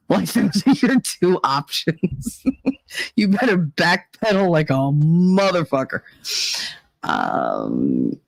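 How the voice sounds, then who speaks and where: A woman's voice: low voice, a little mellow, dry recording, low-quality recording. A woman hosting a casual talk show, telling a story in a blunt, profane, swaggering way. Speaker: podcast host.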